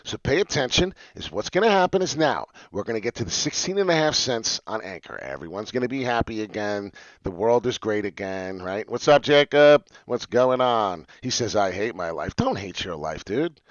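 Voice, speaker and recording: Man, low-ish voice, animated crypto chart streamer, muffled dry lo-fi audio. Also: moderate pace, few pauses, no echo. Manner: excitable, talks straight to followers. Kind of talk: casual live-stream chart talk. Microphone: webcam mic, seen on stream.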